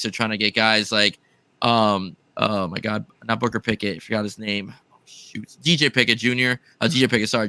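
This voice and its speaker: Bright, crisp-voiced man plugging his show. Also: medium pitch, no room sound. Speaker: podcast co-host. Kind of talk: casual chat.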